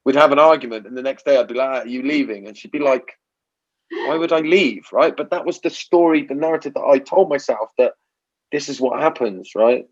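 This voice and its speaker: This is a podcast host in a casual interview chat, his medium-pitched voice brisk and the recording muffled. He talks reflectively, often restarting his sentences and tossing in "right?" as a tag question.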